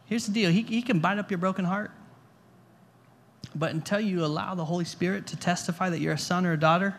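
A man's voice: high voice, steady tone, brisk, creaky, a bit bright. A male pastor preaching a sermon to a congregation in a conversational way, repeating words and asking the room questions. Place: church hall before a congregation.

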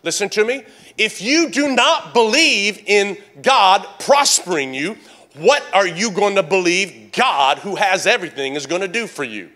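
A man in his sixties preaching a sermon, mixing comic storytelling with animated calls to the congregation. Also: high-pitched, a little slow. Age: 60s. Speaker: pastor.

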